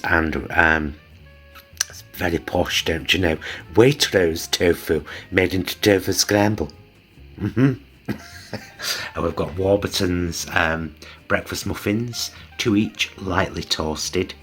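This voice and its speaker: A man's voice: sits low, fairly bright tone. A man hosting a casual food vlog, chatty, teasing and affectionate as he shows dinner. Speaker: vlog host.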